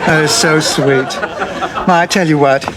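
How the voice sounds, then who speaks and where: An actress playing a middle-aged, sardonic daughter in a sitcom, with a low, husky, deadpan delivery. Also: female voice, measured pace, a loud crowd. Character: sardonic grown daughter, exasperated, quick-tongued. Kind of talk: sitcom acting. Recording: noisy TV audio with studio audience laughter.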